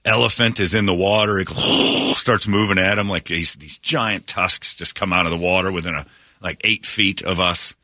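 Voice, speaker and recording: Male radio host, deep and forceful, dry studio sound, rambling animated storyteller. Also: moderate pace, no echo. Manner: animated retelling with many restarts and fillers. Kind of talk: casual storytelling chat. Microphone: studio microphone.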